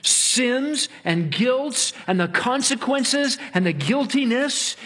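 High-voiced man preaching a sermon. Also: lively intonation, a bit bright. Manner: earnest preaching, stretches key words slowly. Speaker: pastor.

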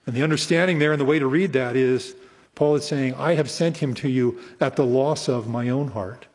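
A man's voice: medium pitch, normal speed, darkish tone, in a large hall. A male pastor giving an earnest expository sermon and stressing his points by repeating them. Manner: earnest, emphatic repetition.

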